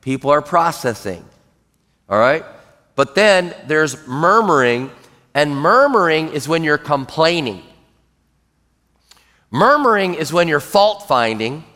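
A man preaching a sermon as pastor, emphatic, dropping into low grumbles when acting out what people mutter. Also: big pitch swings, takes it slowly, long pauses, bright, forceful tone. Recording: long reverb in a large hall.

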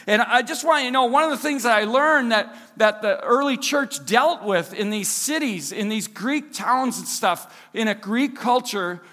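A man's voice: very high voice, animated, normal speed, hardly any pauses, sharp tone, big-room sound. A Minnesotan man preaching a sermon as pastor in a casual, chatty way, full of fillers and self-deprecating asides. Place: church service hall.

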